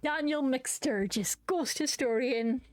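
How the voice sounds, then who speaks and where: A woman's voice: high voice, slow pace, soft background music. Woman playing a hammy fake-Scottish ghost historian. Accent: put-on Scottish. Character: middle-aged man posing as Scottish ghost historian.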